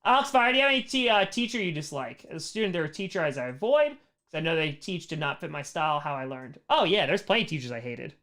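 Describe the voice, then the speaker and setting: A man's voice: a little high, very animated, fast talker, pushed and bright. Rambling male livestream host. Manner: rambling, lots of "like" and "um" fillers, candid opinions. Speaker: streamer host answering chat. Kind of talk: casual livestream Q&A.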